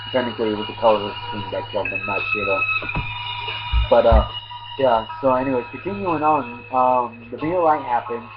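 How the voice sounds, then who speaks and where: A man talks through an anime episode in a loose, slangy ramble that keeps looping back with fillers and restarts. The lo-fi recording sounds dull, and loud music plays behind him the whole time. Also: medium pitch. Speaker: anime reviewer. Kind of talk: casual episode recap. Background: loud background music.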